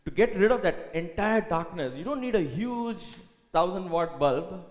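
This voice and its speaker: A man giving a reflective spiritual talk at a retreat, often dropping to a soft hush. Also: high voice, animated, moderate pace. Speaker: retreat speaker. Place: retreat hall. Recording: echoey hall with long reverb.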